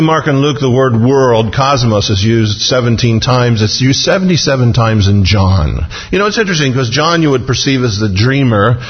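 A male pastor preaching an expository sermon in a church sanctuary, slowing down to stress scripture. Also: medium pitch, breathy edge. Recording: dull, reverberant hall sound.

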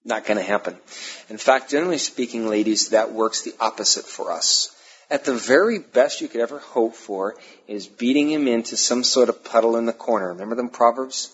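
A male pastor preaching a sermon, emphatic, repeating key phrases and pausing between them. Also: medium pitch, slightly rough. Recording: dull lo-fi sermon recording.

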